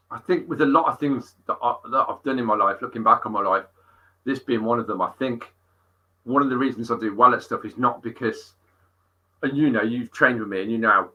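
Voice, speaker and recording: A middle-aged man, a fitness coach being interviewed, telling stories in an animated way and swearing freely. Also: medium pitch, normal speed, muffled recording. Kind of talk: casual interview storytelling.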